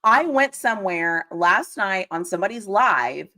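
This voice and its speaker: A woman's voice: medium pitch, lively intonation, unhurried, sharp tone. A woman hosting a casual sports live stream, chatty and teasing, reading out viewer comments with frequent laughs.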